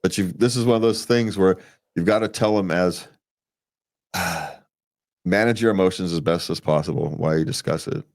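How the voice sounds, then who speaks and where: A low-pitched, slightly mellow male voice proceeds at a moderate pace on a relationship advice show he co-hosts. His talk is casual and rambling, marked by restarts, repeated words and frequent chuckles.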